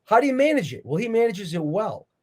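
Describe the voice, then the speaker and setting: A man sits for an interview and walks through his points in an earnest, preacherly tone. His voice sits a touch higher than most men's. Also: sing-song, fast talker. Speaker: interview guest, author. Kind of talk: conversational interview.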